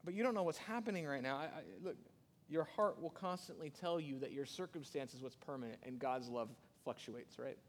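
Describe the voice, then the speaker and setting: A man preaching a sermon with a slightly higher voice, and his words ring out with a long reverb. He talks in a conversational way but swings from sudden loud bursts to soft, quiet lines. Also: fairly quick, a little hiss or hum. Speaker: pastor.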